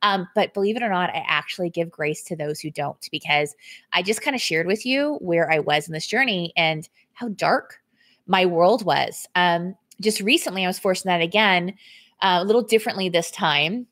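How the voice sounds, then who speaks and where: Chatty woman fitness coach streaming live. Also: normal speed. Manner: chatty, candid, reads viewer comments aloud and thanks them; laughs often, voice swings up and down in pitch and loudness. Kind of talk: casual live stream to viewers. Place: indoors at home.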